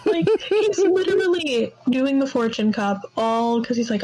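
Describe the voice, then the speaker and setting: A woman's voice: on the high side, normal speed, few pauses, low-quality recording. A young woman co-hosting a casual podcast, telling stories with lots of swearing and acting out quoted lines. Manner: animated storyteller, swears and acts out scenes in quoted voices. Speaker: podcast co-host. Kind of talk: casual chat.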